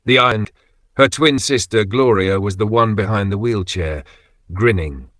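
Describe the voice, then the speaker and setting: Deep-voiced man telling a dramatic story. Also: a bit bright, no room sound, clean studio sound. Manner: dramatic, with short measured phrases. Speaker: narrator.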